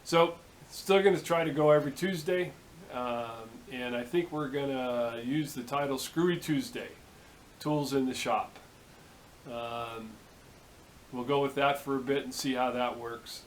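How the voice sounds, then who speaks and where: A man's voice: medium pitch, unhurried, slight background noise, poor audio. A man hosting a casual workshop vlog, talking in an easygoing, rambling way with many fillers. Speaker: workshop video host. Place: home workshop.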